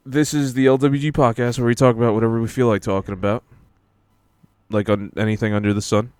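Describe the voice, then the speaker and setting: A man's voice: mid-range voice, level tone, fast, darkish tone, clear, resonant tone, no room sound, clean studio sound. A man hosting a casual podcast, joking in a laid-back way and laughing often. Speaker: podcast host. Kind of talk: casual chat.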